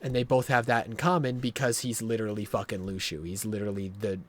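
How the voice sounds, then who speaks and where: A man streaming a video game live, explaining the story at length in a rambling, excitable way and swearing often. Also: on the low side, fast talker.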